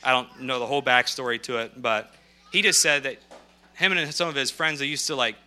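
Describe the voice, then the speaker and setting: Bright-voiced man telling sermon stories. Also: medium pitch, a little fast. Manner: lively anecdotal storyteller who acts out quotes. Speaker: missionary speaking to a congregation. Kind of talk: storytelling sermon. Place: speaking at a podium.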